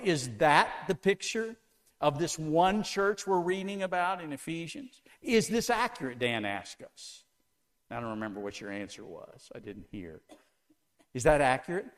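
Lively high-voiced male preacher. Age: older. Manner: asks the congregation many questions, lively emphatic delivery. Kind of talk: sermon.

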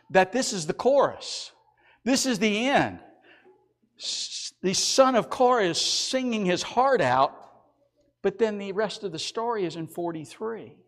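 A middle-aged man preaches and reads scripture in an animated sermon style. His voice sits high and ranges widely, rising into loud emphatic bursts, then dropping to quiet, low reading. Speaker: pastor.

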